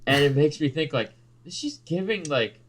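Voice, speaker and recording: A man's voice: a little high, expressive, moderate pace, slight background noise. A young man co-hosting a podcast, chatting casually, joking and swearing a lot. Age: young adult. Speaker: podcast co-host. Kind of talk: casual chat.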